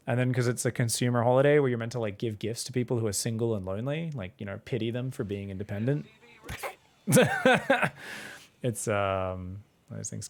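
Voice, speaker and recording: A man's voice: medium pitch, creaky. A man, casually commentating a strategy game and chatting with viewers in a rambling, laid-back way. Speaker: StarCraft coach and streamer.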